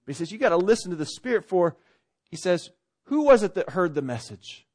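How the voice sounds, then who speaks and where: A man preaching a conversational sermon as pastor, rising to loud swells and dropping to quiet asides. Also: high-pitched, very animated, brisk.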